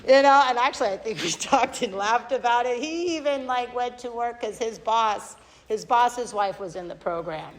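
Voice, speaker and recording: A woman's voice, a little high and at normal speed, comes through a podium mic as she shares candidly and self-deprecatingly at an AA recovery meeting. She rambles with many fillers, under long hall reverb.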